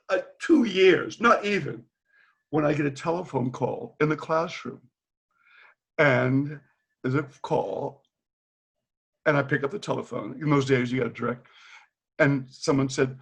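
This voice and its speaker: Gravelly older man telling lively stories. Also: mid-range voice, measured pace, pauses often. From Boston. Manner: animated storyteller, acts out quoted dialogue, laughs often. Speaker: retired teacher, guest. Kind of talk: candid storytelling in a video call. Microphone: video call.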